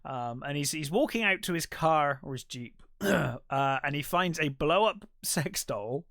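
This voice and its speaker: A man co-hosting a podcast, casually retelling a movie's scenes and acting out quick quotes from the characters, with the odd swear. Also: fairly high pitch, animated, gravelly, a bit bright, no room sound, studio quality. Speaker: podcast co-host. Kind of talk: casual film recap chat.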